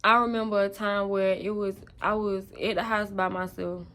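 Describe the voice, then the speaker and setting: A woman's voice: medium pitch, level tone, moderate pace, a bit bright. Candid young woman telling her story. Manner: candid, raw and emotional. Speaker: vlogger. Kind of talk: personal testimony storytelling.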